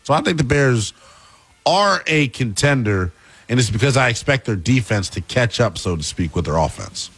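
An emphatic male football analyst who talks with big, lively swings in pitch. He is playful and punchy, drawing out his key words for effect. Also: moderate pace, slightly rough. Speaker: sports analyst. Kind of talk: animated sports talk.

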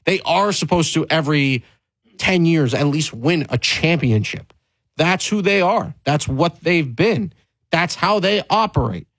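A man's voice: fairly high pitch, animated, unhurried, fairly bright tone, dry recording, rough recording. Emphatic man hosting sports talk. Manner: emphatic and candid, with frequent restarts and rising stress. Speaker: sports talk show host.

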